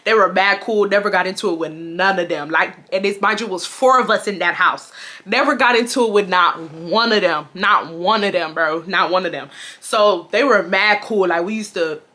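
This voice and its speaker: A woman in her twenties from Houston, telling a storytime to her viewers in a casual, slangy, animated way, swearing often and jumping into high shrieks when she quotes people. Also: normal speed. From Houston, Texas. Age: 20s. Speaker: storytime vlogger.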